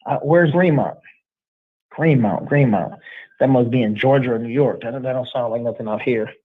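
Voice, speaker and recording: Male livestream host, relaxed slang delivery, tinny phone-quality audio. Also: medium pitch, normal speed, husky. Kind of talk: casual chat, reading out viewer shout-outs.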